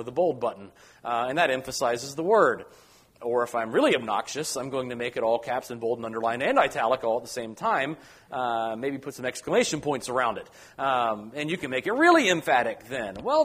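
A man teaching a Bible study lecture in a conversational way, with many ums, uhs and restarts. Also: medium pitch.

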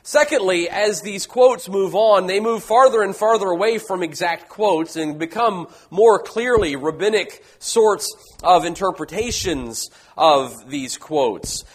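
A man preaching a Bible teaching, emphatic, rising loud on key points and falling low and quiet at the ends of phrases. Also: lively intonation, a little slow. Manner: emphatic, swelling louder on key points then dropping low.

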